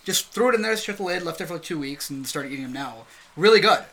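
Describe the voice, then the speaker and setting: A man co-hosting a casual podcast, bantering quickly and laughing often. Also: fairly high pitch, animated, bright, forceful tone. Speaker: podcast co-host. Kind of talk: casual chat.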